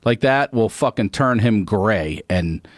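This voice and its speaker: A man in his forties with a lowish voice spins a profane, lively anecdote, jumping into the voices of the people in it. The sound is close and dry, like a studio microphone in a dead room. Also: measured pace, no room sound. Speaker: podcast guest. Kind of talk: casual storytelling. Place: podcast studio.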